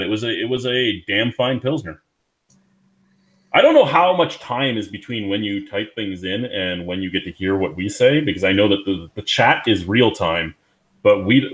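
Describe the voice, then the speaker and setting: A man's voice: lowish voice, lively intonation, normal speed, fairly bright tone, low-quality recording. A man from Ontario hosting a casual beer review livestream, joking and rambling. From Ontario, Canada. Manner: joking, rambling, laughs often. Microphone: webcam setup at home.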